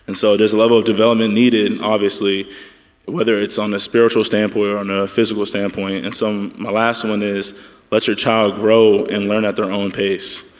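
A man on a church panel speaks in a steady, measured way. His low voice barely moves in pitch. It echoes through a large hall with long reverb.

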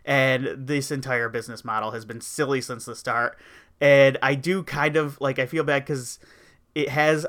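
Brief: male podcast host, bright and smooth voice, rambling wry rants. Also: medium pitch. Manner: rambling, wry complaining with frequent fillers. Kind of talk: casual opinion chat.

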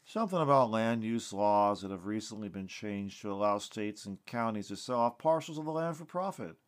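A man voicing a frustrated young man who swears bluntly, in a storybook reading with a fairly low voice. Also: expressive, normal speed, lightly acted. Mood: explaining. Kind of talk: storybook narration with character voices.

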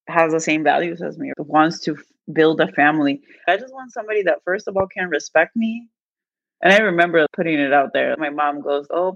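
A woman recounts a personal story in a candid, lively way, slipping into the voices of the people she quotes. Her recording is dry and a little dull. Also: fairly low pitch, no echo. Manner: animated, acts out quoted voices with laughter. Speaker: guest telling her story.

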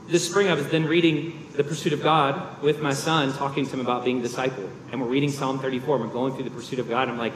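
A man's voice: fairly high pitch, quick pace, fairly bright tone, reverberant, long reverb tail, slight background noise, poor audio. A man preaching a sermon as a pastor, earnest and emphatic, with rhetorical questions.

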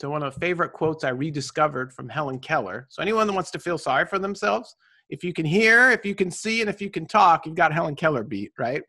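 Upbeat motivational man, slightly high voice. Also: fast talker. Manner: energetic, preachy, tag questions. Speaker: guest. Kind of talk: motivational conversation.

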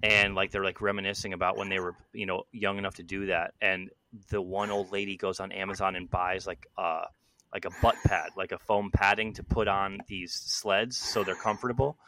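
Man, low voice, relaxed, casual podcast talk. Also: moderate pace. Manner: relaxed, easygoing, uses fillers. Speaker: podcast host.

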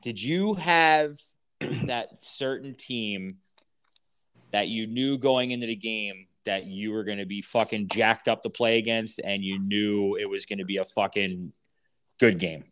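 A man's voice: fairly low pitch, measured pace, fairly bright tone, smooth. A man hosting a podcast, blunt and pushy, swearing casually. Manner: blunt, swears, pushes guest to talk. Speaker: podcast host. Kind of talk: casual interview.

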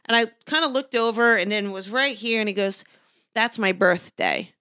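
A woman who works as a psychic medium, chatting as a podcast guest and telling animated stories, acting out the voices. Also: a little high, a little fast, clean tone, no echo, studio quality. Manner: animated storyteller, acts out voices. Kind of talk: casual podcast chat.

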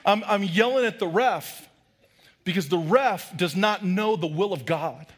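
A middle-aged man, a pastor, preaching a lively sermon with loud, humorous storytelling. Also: high-pitched, a little slow, slight background noise.

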